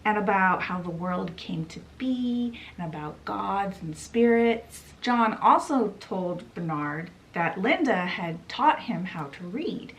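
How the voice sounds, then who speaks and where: A woman's voice: mid-range voice, lively intonation, slow, few pauses. A woman who runs a book vlog, giving a chatty, casual book summary and putting on voices for the quotes. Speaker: book vlogger.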